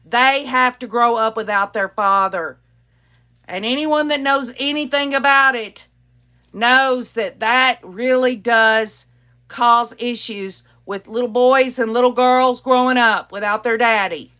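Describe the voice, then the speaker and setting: A woman's voice: on the high side, measured pace, pushed and bright. A woman hosting a casual true-crime livestream, greeting viewers and reading their comments aloud, talking in an emphatic, opinionated way with plenty of fillers and restarts. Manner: frequent fillers and self-restarts. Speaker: livestream host.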